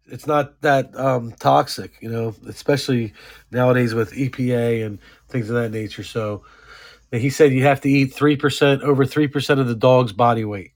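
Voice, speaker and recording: A middle-aged man with a voice of ordinary pitch chats on a podcast. He tells stories with animation and acts out what others said. His talk is relaxed and conversational. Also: normal speed. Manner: animated anecdote teller, acts out quotes. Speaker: podcast co-host. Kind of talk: casual comedic chat.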